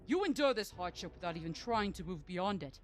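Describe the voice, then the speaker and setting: A woman voicing a grieving father who rallies his villagers, read aloud from a game in a lowered, earnest voice. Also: big pitch swings, fairly quick, faint music behind. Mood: rousing. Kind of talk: reading game dialogue aloud on stream.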